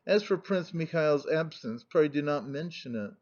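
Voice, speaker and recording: A male narrator reading the lines of a cool, sharp-tongued elderly aristocratic grandmother, on a muffled recording. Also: a little high, lively intonation, normal speed. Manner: cutting, ironic.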